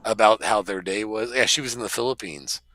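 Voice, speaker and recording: A man hosting a live prank call show, bantering loudly and stammering for laughs. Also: on the low side, a little fast, dry recording. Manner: loud, joking, stammers for comic effect. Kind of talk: casual banter.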